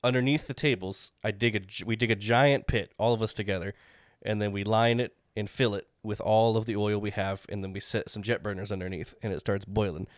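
A man's voice: fairly low pitch, steady tone, a little fast, no room sound, studio quality. A man playing a tabletop role-playing game, jokey and restarting his sentences. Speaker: player.

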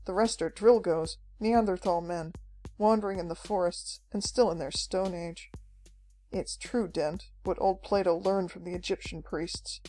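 A woman's voice: lowish voice, fairly even intonation, a little slow, dark tone, faint music behind, poor audio. A woman voicing a frantic elderly male professor who chatters and pants as he talks. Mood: explaining. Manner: chattering, panting.

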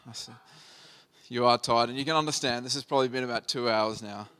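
A man's voice: mid-range voice, rapid-fire, pushed and bright. A man in his thirties, a pastor, preaching a sermon by telling a personal family story in a conversational, earnest way.

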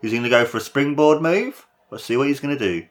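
Excitable man calling wrestling play-by-play. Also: fast. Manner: excitable, jumps up in pitch at big moves, swears. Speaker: commentator. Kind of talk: casual play-by-play commentary of a wrestling match.

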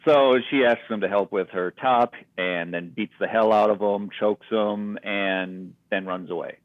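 Very deep-voiced man on a tinny line. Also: unhurried, dry recording. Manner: relaxed, storytelling, recapping plot. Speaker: podcast co-host. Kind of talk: casual movie recap chat. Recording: dry, phone-like sound.

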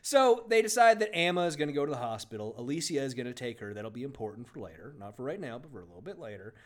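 A man co-hosting a book review podcast, chatting casually and sarcastically, reading passages aloud with mock emphasis. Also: quick pace. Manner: animated, sarcastic, jumps up in pitch for jokes. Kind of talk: casual comedic chat with read-aloud passages.

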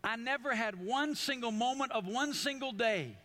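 A man's voice: very high voice, moderate pace, sharp tone. A man preaching a sermon as pastor, speaking emphatically, repeating and restarting phrases, and putting questions straight to his congregation. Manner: addresses the congregation directly with questions.

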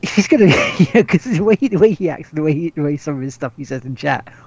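Gravelly man rambling on a podcast. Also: fairly high pitch, lively intonation, fast talker, darkish tone, dry recording, lo-fi sound. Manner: rambling, stumbles and repeats words, swears casually. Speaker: podcast co-host. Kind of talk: casual gaming chat.

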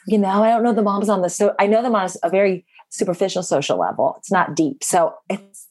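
A woman's voice: medium pitch, fast talker, a little mellow. Woman, mid-range voice, coaching client, candid and reflective. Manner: open, self-reflective, laughs easily. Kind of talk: coaching session.

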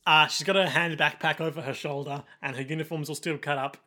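A man's voice: a little high, steady tone, brisk, bright, forceful tone. A young man co-hosting a podcast, recapping an episode in a dry, wry, matter-of-fact way. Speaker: podcast co-host, editor.

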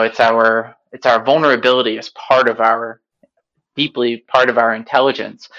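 Male co-host, mid-pitched, reflective conversational storyteller; slightly muffled, lo-fi audio. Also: fairly bright tone.

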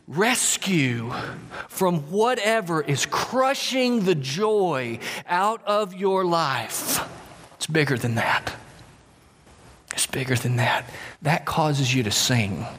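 A man preaching a sermon, emphatic, slowing to stress words and dropping at times to a whisper. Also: sits high, fairly bright tone. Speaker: pastor. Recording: long hall reverb.

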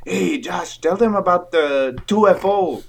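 A man's voice: high-pitched, unhurried, creaky, heavily acted. A man improvising a goofy alien brother with a put-on French-Jamaican accent, dropping French "oui" into his talk. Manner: sing-song, throws in "oui, oui". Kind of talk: comedic improv role-play.

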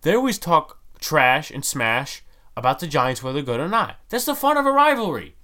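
Heated male football-fan ranter, slightly high voice, pitch swinging widely, rapid-fire rhetorical questions. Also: very animated, sharp tone. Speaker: sports fan commentator. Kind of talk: ranting sports commentary.

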